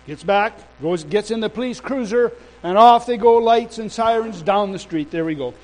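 A male preacher delivering a sermon and telling a story in an animated, emphatic way. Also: very high voice, normal speed, few pauses, rough recording.

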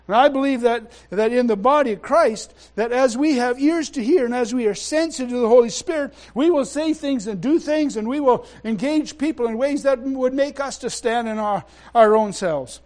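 A man preaching a sermon as pastor, emphatic and halting, with frequent restarts, swinging between quiet asides and loud exclamations. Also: extremely high pitch.

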